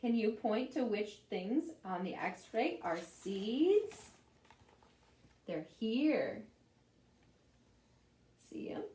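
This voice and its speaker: A woman librarian leads a children's storytime at an unhurried pace, her pitch rising and falling with lots of life. She stands some way from the mic in an echoey room. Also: slight background noise. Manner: animated, asks the children questions. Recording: roomy echo, voice from a distance.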